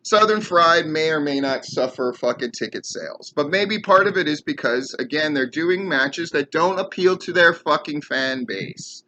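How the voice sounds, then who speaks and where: A man's voice: a little high, moderate pace, hardly any pauses, pushed and bright. A man hosting his own commentary show, ranting heatedly and sarcastically with lots of swearing. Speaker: podcast host and wrestling commentator. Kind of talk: profane rant commentary.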